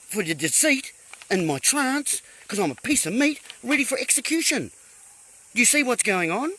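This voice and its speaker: A man's voice: high voice, fairly bright tone, slightly rough, rough recording. A man hosting a live stream, talking in a rambling monologue full of playful puns, rhetorical questions and sudden exclamations.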